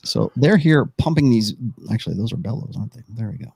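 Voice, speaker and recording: A man's voice: mid-range voice, expressive, quick pace, creaky, mellow, slightly rough, no room sound. Guy running a d&d game, rambling a bit while he moves stuff on the map, dry close sound. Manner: rambling, thinks aloud while arranging the map. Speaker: game master. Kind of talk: narrating a tabletop game on a live stream.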